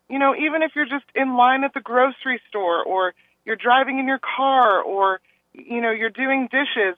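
A woman calling into a radio show, talking earnestly and rambling a little, acting out other people's words in animated asides. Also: on the high side, dry recording. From Texas. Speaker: caller. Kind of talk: call-in radio chat. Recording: tinny phone line.

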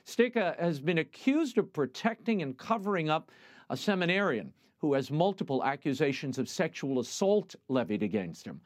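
A man hosting a broadcast program, reading the news and interviewing a guest in a measured newsreader manner. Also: a little high, no room sound. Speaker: TV host.

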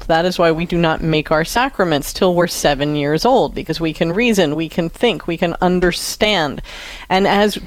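Earnest woman giving parenting advice. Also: fairly low pitch. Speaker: radio show co-host, counselor. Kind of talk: advice talk to a caller.

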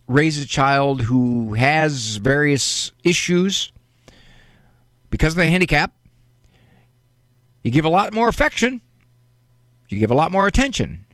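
A man's voice: mid-range voice, creaky, dry recording. A man hosts a call-in parenting show, chatting easily and breaking into little jokes between calls. His voice sits in the middle, recorded dry and close. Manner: joking, conversational, with filler words. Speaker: radio call-in host and psychologist. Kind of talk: call-in radio advice. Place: radio studio.

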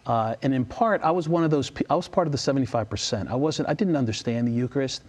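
A man's voice: mid-range voice, fast, a little mellow. A middle-aged man speaking as an interview guest in a casual chat, earnest and enthusiastic, with many restarts. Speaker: guest, ministry leader.

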